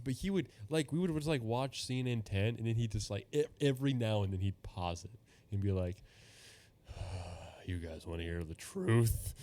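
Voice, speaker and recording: A man's voice: lowish voice, darkish tone. A young man hosting a podcast, telling loose stories with lots of laughs and swearing. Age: young adult. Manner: laughing, swearing, rambling storytelling. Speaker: podcast host. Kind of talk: casual chat.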